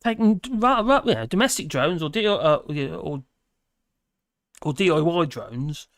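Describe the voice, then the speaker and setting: A man's voice: fairly high pitch, lively intonation, normal speed, fairly bright tone, no echo, clean studio sound. A man hosting a casual livestream, reading viewer comments aloud and rambling with many fillers and restarts. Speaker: livestream host.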